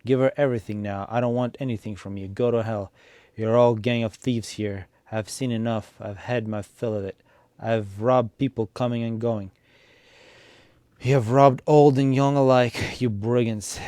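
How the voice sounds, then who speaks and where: A man's voice: lowish voice, fairly even intonation, moderate pace, dry recording, lightly acted. A man reading as a furious young peasant wife. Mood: furious, bitter. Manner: shouting, bitter.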